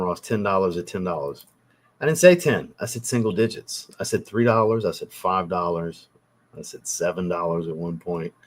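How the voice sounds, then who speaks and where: A man's voice: lowish voice, a bit bright. A man hosting a casual livestream, reading out viewer chat and answering in a teasing, blunt way with casual swearing.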